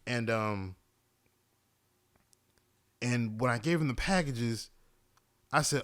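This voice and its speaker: Young man, podcast host, casual storytelling, animated, swearing, mid-range pitch. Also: takes it slowly, long pauses. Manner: animated, profane, venting.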